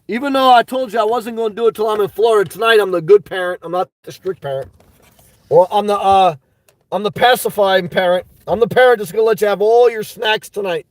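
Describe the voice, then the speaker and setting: A middle-aged man from the United States hosting a casual livestream, rambling and joking, breaking into shouts. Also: high voice, no room sound, rough recording. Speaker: livestream host.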